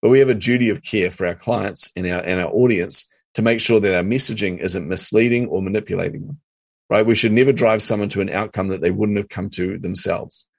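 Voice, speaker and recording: Middle-aged New man, deep-ish, lively storyteller guest. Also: brisk, gravelly. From New Zealand. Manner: animated storyteller acting out his own past reactions. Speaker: podcast guest, marketing coach. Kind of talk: storytelling interview chat.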